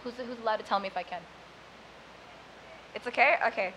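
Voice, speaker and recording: A woman's voice: on the high side, fairly quick, fairly bright tone, slight background noise, poor audio. A young woman from Sudan whose first language is Arabic, performing spoken word poetry live and chatting casually between poems. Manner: chatty and self-deprecating between poems, rhythmic when reciting.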